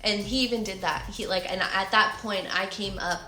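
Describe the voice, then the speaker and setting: Young woman, vlog storytime, bright tone, echoey room with faint music, animated retelling. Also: medium pitch, normal speed. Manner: animated, acts out her own shouts and quotes. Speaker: vlogger.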